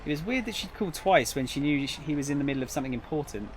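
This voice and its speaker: A man streaming a visual novel, narrating it expressively with quick joking asides. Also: on the high side, animated, a little hiss or hum. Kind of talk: narrating a game, reading chat. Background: faint music.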